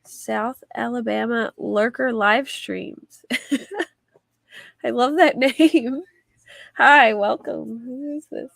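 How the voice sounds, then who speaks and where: A woman's voice: fairly high pitch, very slow, creaky, long pauses, fairly bright tone, no echo. A woman hosting a casual livestream, chatting in a rambling way and reading viewer comments aloud. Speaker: livestream host.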